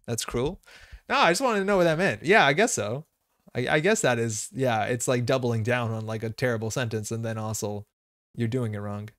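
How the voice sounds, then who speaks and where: A man's voice: medium pitch, normal speed, fairly bright tone, no echo, studio quality. A man from North America streaming a card game live, chatting casually with viewers in a rambling way, full of fillers and self-corrections.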